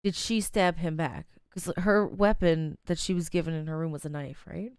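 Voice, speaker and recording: A woman's voice: sits low, steady tone, moderate pace, a little mellow, smooth, dry recording, studio quality. A woman streamer reacting live to a fan game, exclaiming often, laughing and sighing between her remarks.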